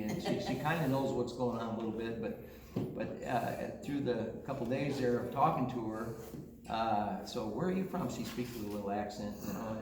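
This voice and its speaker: Man, joke-telling storyteller, far off mic, noisy echo. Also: on the low side. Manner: joking, builds to a punchline. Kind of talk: casual storytelling chat.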